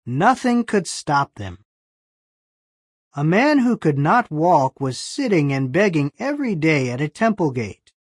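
A narrator reading a bible story lesson in slow, clear scripted storytelling. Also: medium pitch, sing-song, no room sound, studio quality.

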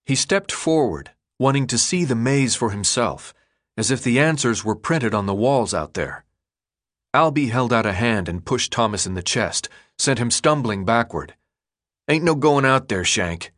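A male audiobook narrator with a middle-pitched voice, reading in a steady, even storytelling manner. The delivery stays measured and controlled through long passages. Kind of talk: scripted narration.

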